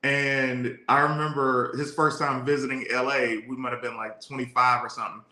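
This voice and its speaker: Bright-voiced easygoing man co-host. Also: medium pitch, little pitch movement, moderate pace. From Detroit. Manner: easygoing, rambling storyteller. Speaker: podcast co-host. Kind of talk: casual live-stream chat. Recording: echoey room.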